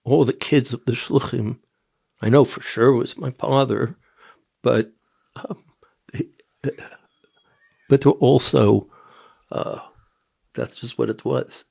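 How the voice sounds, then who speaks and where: An older man from Tennessee, a podcast guest, telling personal stories in a rambling, halting way with quiet asides. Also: mid-range voice, steady tone, gravelly, breathy edge. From Nashville, Tennessee. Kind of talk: personal storytelling in an interview.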